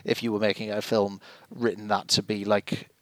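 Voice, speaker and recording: A man's voice: on the low side, level tone, moderate pace, a bit bright, no room sound. A man co-hosting a casual podcast, talking in a rambling, hesitant way with frequent restarts. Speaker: podcast co-host. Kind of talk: casual chat about a TV episode.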